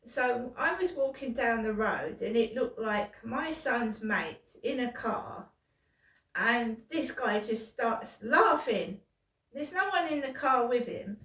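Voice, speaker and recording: A middle-aged British woman in pain rambles through a profane vlog monologue full of restarts. Her voice is gravelly, slightly high, and slow. She sits away from the mic in an echoey room. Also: lively intonation, a bit bright, recorded from a distance. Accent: British English. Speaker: vlogger.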